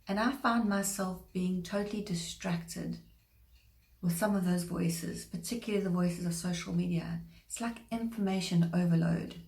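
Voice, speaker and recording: Woman preaching, slight vocal fry. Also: on the low side, warm tone. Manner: earnest, measured, slows to stress scripture. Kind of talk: short devotional sermon. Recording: echoey room.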